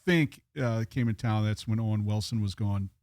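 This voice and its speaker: A man's voice: lowish voice, fairly even intonation, moderate pace, darkish tone, no room sound, clean studio sound. A man co-hosting a podcast, telling bar stories in a rambling casual way with many fillers. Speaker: podcast co-host. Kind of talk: casual chat.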